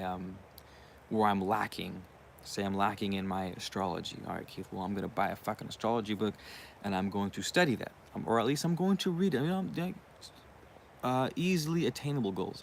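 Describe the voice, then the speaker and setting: A young man hosts his own channel in a low-leaning voice with vocal fry, over a faint hiss or hum. His casual monologue rambles with frequent swearing and asides, and he keeps saying "you know what I mean."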